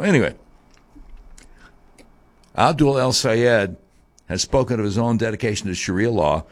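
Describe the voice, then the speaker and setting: A man hosting talk radio, delivering a monologue that swings from a low grumble to high mocking tones. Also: expressive, moderate pace, long pauses.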